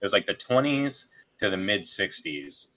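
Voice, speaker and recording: A man with an American accent chatting casually, explaining points in a measured way. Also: fairly low pitch, sing-song, pushed and bright, dull audio. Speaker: podcast co-host. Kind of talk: casual chat about anime.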